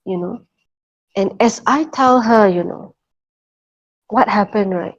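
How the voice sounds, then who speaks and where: A woman's voice: mid-range voice, slow. A middle-aged woman telling a personal faith testimony in an earnest way, often checking in with her listeners. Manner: earnest, checks in with listeners, many repeated "okay" and "you know". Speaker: testimony speaker. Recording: muffled lo-fi recording.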